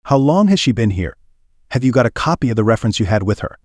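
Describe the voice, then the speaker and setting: A practical male police inspector, quick and businesslike in his questioning, as a man reads him. The pitch is middling. It is dry and close. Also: very animated, a little mellow, no room sound.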